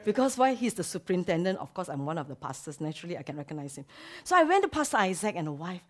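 A woman pastor preaching a sermon. She drops to hushed whispers, then rises to loud exclamations. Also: lowish voice, big pitch swings, rapid-fire.

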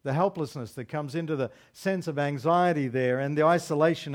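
A pastor delivering a sermon, preaching with repeated refrains and rhetorical questions. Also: male voice, on the high side, a little fast.

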